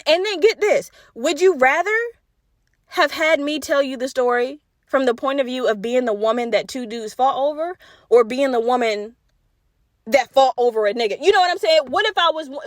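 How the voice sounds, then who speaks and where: A woman hosting a solo podcast, telling a story in a loose, profane, animated way and acting out the voices of the people in it. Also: high-pitched, no echo, studio quality. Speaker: podcast host.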